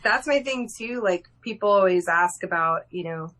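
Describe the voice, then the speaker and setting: A woman artist chatting over a live video call, excitable and quick to laugh, with casual swearing. Her voice swoops up and down, lively and full of feeling. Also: lowish voice, a crowd in the background. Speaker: guest artist.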